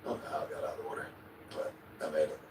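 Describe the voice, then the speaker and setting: An interview guest rattles off a vivid story very fast in a rumbling low, completely flat delivery, acting out his own lines and sometimes swearing or chuckling. The replayed clip is distant, echoey and noisy.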